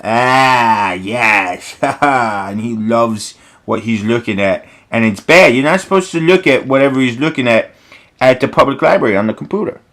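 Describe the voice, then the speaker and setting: A man rambling through a mock-earnest comedic commentary in a deadpan, filler-heavy way, recorded indoors at home. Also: mid-range voice, brisk. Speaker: host of an art commentary video.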